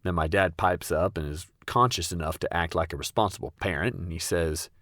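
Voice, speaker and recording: Young guy, super deep voice, dry deadpan storytelling, dead dry sound. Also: brisk, no room sound. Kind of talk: comedic first-person storytelling.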